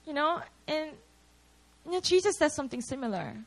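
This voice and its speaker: A woman's voice: high-pitched, very animated, a little fast, poor audio. A young woman preaching a casual, storytelling sermon, chatty and full of "like" and "you know". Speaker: preacher at a prayer meeting.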